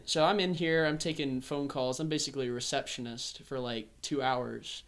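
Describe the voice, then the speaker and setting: A young man from the American South hosting a podcast, telling a story in a casual, animated way. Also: medium pitch, moderate pace. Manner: animated storyteller, acts out voices. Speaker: podcast host. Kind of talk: casual chat.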